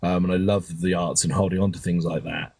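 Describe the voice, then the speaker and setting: Man, deep husky voice, candid emotional storytelling, casual swearing. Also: flat delivery, fairly quick, darkish tone. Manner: open, emotional, swears casually, rambling with restarts. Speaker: guest caller on a live stream.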